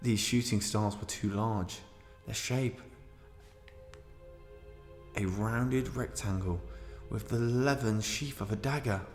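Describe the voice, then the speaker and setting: A man's voice: fairly low pitch, slow pace, soft background music. A man with a mild Midlands English accent voicing a grumpy, brusque old male wizard in a theatrical reading. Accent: mildly Midlands English. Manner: theatrical reading of first-person narration.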